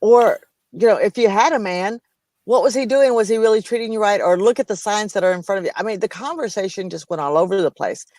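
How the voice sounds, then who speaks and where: Animated woman co-hosting a business talk show. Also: medium pitch, fast, no echo. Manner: animated storyteller, slips into playful voices and laughs. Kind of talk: casual business chat.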